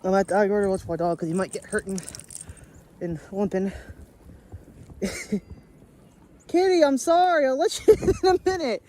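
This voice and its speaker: A chatty woman talks into a handheld camera as she trudges through a snowstorm. Her voice sits at an ordinary middle pitch, broken up by frequent laughs, with faint outdoor noise behind her. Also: big pitch swings, normal speed, pauses often, dark tone. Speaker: daily vlogger. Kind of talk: casual vlog chat while walking outdoors. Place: outdoors in deep snow during a snowstorm.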